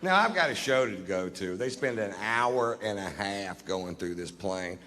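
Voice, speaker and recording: A stand-up comedian telling stories on stage in a laid-back, deadpan, profane manner. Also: male voice, on the low side, a little slow. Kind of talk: live stand-up storytelling. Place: live comedy venue on stage. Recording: live venue with reverb and crowd.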